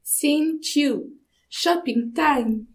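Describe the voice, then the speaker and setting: A young schoolgirl reading the narration of a class play slowly and carefully. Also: high-pitched, rough recording. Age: child.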